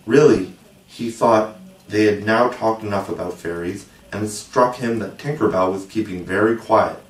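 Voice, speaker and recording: A man narrating a classic children's novel as an audiobook, measured and gently expressive. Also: lowish voice, far from the mic. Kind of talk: audiobook reading. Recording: roomy echo, voice set back from the mic.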